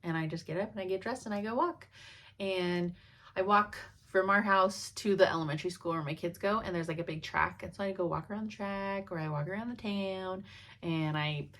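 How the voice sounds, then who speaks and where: A woman's voice: medium pitch, brisk, fairly bright tone. A woman in her thirties chatting casually to her viewers as a cross-stitch vlogger, laughing often as she tells stories. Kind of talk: casual chat.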